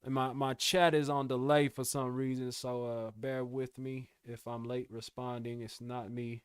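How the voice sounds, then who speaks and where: A man's voice: mid-range voice, level tone, normal speed, clean tone, no room sound, clean studio sound. A young man chatting casually with his live-stream viewers, laid-back and slangy, calling them bro and y'all. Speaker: music producer streamer.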